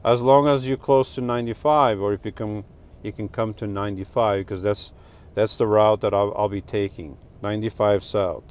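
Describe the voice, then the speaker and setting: A man's voice: lowish voice, steady tone, normal speed, clean tone. A middle-aged man from Portugal with a New Jersey and New York accent, hosting a casual live stream, rambling and joking as he reads comments. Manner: rambling, self-correcting, joking.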